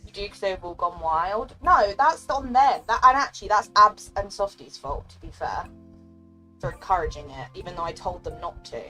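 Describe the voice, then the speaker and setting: A woman's voice: mid-range voice, animated, moderate pace, bright, forceful tone, faint music behind. A young woman streaming a game, chatting casually and emotionally with her viewers, giggling and thanking them often. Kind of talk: casual live-stream chat.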